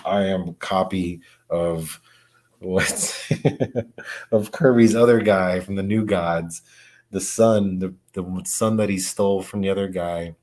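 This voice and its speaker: Speaking slowly in a low voice, a man who collects comics hangs out on a livestream, talking in an excited, slangy way and breaking into laughter frequently.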